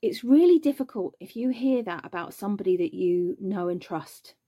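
A woman's voice: mid-range voice, animated, normal speed, mellow, husky. A woman, a mother speaking earnestly and emphatically from her own experience. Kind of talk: personal testimony.

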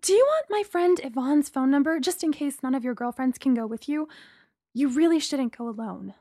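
A woman voicing a caring, worried middle-aged mother who speaks warmly and with concern. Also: high voice, lively intonation, moderate pace, dry recording, studio quality. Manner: warm and concerned.

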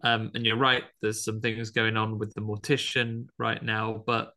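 A man chats through a horror film's plot as a podcast co-host, his voice gravelly with fry at the ends of phrases. His tone is bright and forward, and he slips into quick put-on voices for the characters. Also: on the low side, level tone. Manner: chatty, acts out quoted lines with bursts of voices. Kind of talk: casual chat recapping a film.

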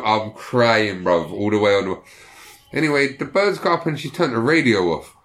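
A man's voice: mid-range voice, normal speed. A young man telling prison stories in casual slang, swearing and acting out the people he quotes. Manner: profane, animated, acts out quoted voices. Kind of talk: casual storytelling.

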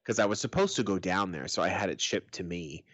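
A man's voice: sits low, animated, brisk, a bit bright, no echo. A middle-aged man co-hosting a podcast, telling stories bluntly and joking with casual swearing. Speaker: podcast co-host. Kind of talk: casual chat.

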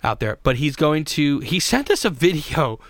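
A man's voice: a little high, big pitch swings, moderate pace, dry recording. Rambling, joking man hosting a podcast. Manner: rambling, joking, with many restarts. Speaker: podcast host. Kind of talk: casual solo podcast monologue.

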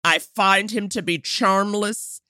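A woman's voice: medium pitch, fairly even intonation, slow, sharp tone, no room sound, studio quality. A woman co-hosting a podcast, reviewing a TV movie in a casual, emphatic and opinionated way. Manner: emphatic and opinionated, mock-quoting characters. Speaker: podcast co-host.

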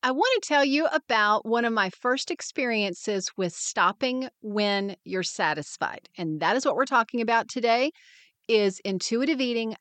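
A woman's voice: mid-range voice, a bit bright, no echo. Upbeat woman podcast host, dry sound. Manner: upbeat, encouraging, acts out quoted voices. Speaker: podcast host and wellness mentor. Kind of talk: scripted podcast monologue.

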